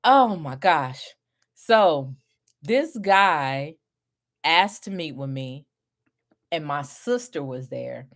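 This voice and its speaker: A middle-aged woman mentoring group home owners, telling a story in an animated way, laughing often and acting out what people said. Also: deep voice, extremely slow, pauses often. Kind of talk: storytelling to viewers.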